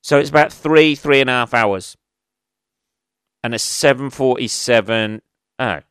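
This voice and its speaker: A man's voice: mid-range voice, a little slow, a bit bright, clean tone, no echo, clean studio sound. A man hosting a solo comedy podcast, rambling and swearing as he thinks aloud. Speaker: podcast host.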